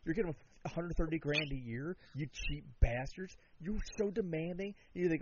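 A man co-hosting a comedy show, ranting sarcastically and profanely, swinging from loud outbursts to mutters. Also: on the high side, normal speed, noisy background. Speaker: co-host. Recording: dull lo-fi recording.

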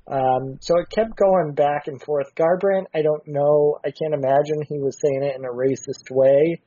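A man hosting a podcast in casual chat, recounting a story in a relaxed way with many fillers. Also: medium pitch, moderate pace, no room sound. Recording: dry dull lo-fi sound.

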